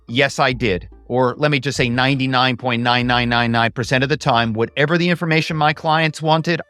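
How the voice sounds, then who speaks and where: Male podcast guest, animated storyteller, mid-pitched voice, dry close sound. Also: no echo. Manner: animated, acts out phone calls in voices. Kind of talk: casual interview storytelling.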